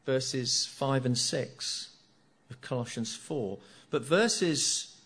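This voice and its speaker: A man's voice: medium pitch, expressive, very slow, fairly bright tone, husky. A middle-aged man preaching a sermon, earnest, repeating key phrases and asking rhetorical tag questions.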